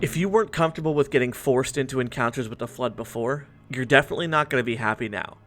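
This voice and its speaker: A man's voice: mid-range voice, fast, a bit bright, faint music behind. A man in his twenties narrating a scripted video essay in an earnest, reflective way.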